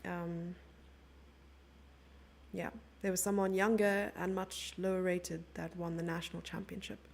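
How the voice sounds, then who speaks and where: A woman's voice: lowish voice, flat delivery, unhurried, creaky, a little mellow. A young woman commenting on chess live and chatting playfully with her viewers. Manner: chatty, playful, reads out and answers chat.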